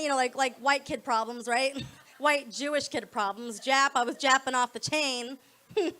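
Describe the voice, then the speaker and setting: A young woman doing stand-up into a stage mic, her voice high and bright. She talks loudly, laughs between lines and slips into quick voices for the people in her stories. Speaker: stand-up comedian. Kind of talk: stand-up comedy set. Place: comedy club stage.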